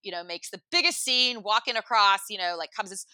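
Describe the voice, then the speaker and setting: A woman casually telling a comic story in an animated, rambling way, full of "like" and acted-out quotes. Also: medium pitch, fairly quick, no room sound.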